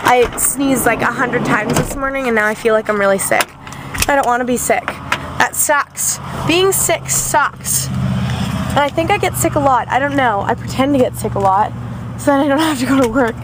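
A woman's voice: on the high side, normal speed. Tired, rambling young woman vlogging from a car. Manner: chatty, rambling, self-mocking. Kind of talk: casual rambling vlog. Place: inside a vehicle. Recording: noisy car background.

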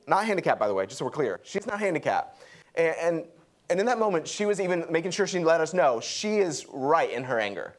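Guy preaching, young, kinda high voice, acts out the quotes all animated. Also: a little fast. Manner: lively, acts out quotes with pitch jumps. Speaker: pastor. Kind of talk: sermon.

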